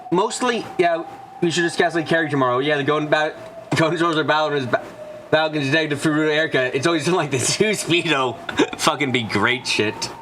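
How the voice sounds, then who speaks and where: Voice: medium pitch, fairly quick, fairly bright tone, slight background noise. A let's play streamer gives casual, rambling commentary over a visual novel, swearing often. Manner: gushing, rambling, heavy swearing. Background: game music.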